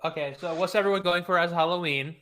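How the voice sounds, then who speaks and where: A man chatting on a podcast, excitable and swearing as he retells what happened. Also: sits high, fast. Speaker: podcast co-host. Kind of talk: casual chat.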